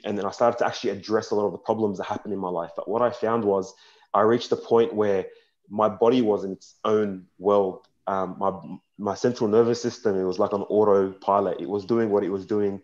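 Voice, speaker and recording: A young man talks frankly and earnestly at a panel, his voice sitting fairly low. His speech halts now and then as emotion comes through. The recording sounds dull and lo-fi. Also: steady tone, a little fast, a little mellow. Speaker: panel speaker. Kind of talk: personal testimony at a panel talk.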